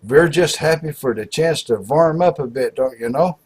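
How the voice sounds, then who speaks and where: A man's voice: fairly high pitch, moderate pace, a little mellow, breathy edge. A man doing cheerful, folksy cold-loving guys. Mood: easygoing. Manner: folksy, easygoing replies. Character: cheerful cold-loving men, unbothered and content. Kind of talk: joke told aloud.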